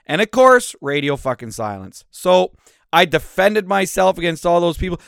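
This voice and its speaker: A man's voice: fairly high pitch, lively intonation, normal speed, vocal fry, fairly bright tone, clear, resonant tone, no echo, clean studio sound. Swearing, ranting male podcast host. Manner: profane, angry ranting with swings in volume.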